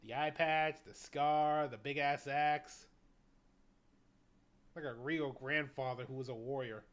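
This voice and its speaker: A young man streaming a visual novel, reading the narration aloud and chatting in a relaxed, jokey way. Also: on the high side, slow pace. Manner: relaxed, jokey, swears casually.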